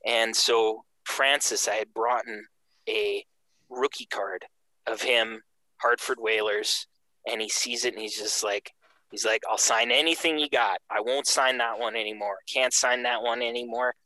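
A man from Canada tells a casual story in a bright, clear voice. He lively acts out the people he quotes. The sound is dry and close to the mic. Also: medium pitch, unhurried, no echo, rough recording.

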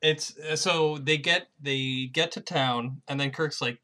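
A man's voice: a little high, steady tone, measured pace, sharp tone. A man chatting casually as a podcast co-host, retelling a favorite joke scene by scene. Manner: laughing storyteller, retells jokes scene by scene. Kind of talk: casual film review chat.

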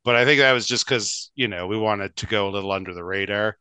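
A man's voice: fairly low pitch, fast, sharp tone, clean tone, no echo. A man, co-hosting a casual hockey podcast in a rambling, chatty way, often laughing. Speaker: podcast co-host.

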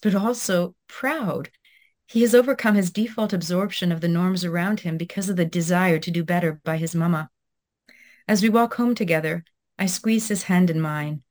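A woman in her thirties, a guest talking reflectively in an interview with many pauses and restarts, then reading her own essay aloud. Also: on the low side. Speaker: guest author.

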